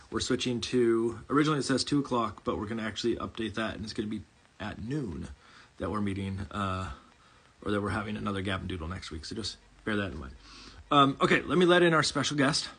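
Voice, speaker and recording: A man's voice: lowish voice, brisk, a bit bright, breathy edge, poor audio. A man with a Midwestern American accent hosting a casual livestream chat, rambling and correcting himself with jokes. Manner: rambling, self-correcting, jokey. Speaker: host.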